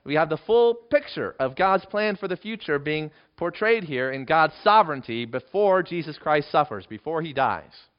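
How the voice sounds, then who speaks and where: A man preaching a verse-by-verse sermon in a somewhat high, very lively voice that rises sharply whenever he acts out a quoted line. The recording sounds dull and lo-fi. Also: normal speed, few pauses, clear, resonant tone. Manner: animated, acts out quoted lines with rising pitch. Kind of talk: expository sermon.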